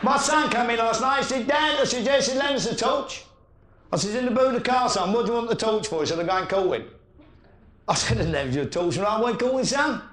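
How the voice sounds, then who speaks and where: A man's voice: very high voice, lively intonation, brisk. A man telling joke stories as a comedian and entertainer, acting out each voice. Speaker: comedian and singer. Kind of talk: stand-up jokes and sung ballad. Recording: echoey, loud music underneath.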